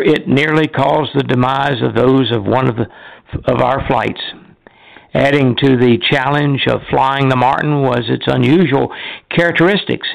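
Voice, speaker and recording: Gravelly older man reading a memoir. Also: medium pitch, low-quality recording. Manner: measured, deliberate reading with small slips. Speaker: retired airline pilot reading a memoir.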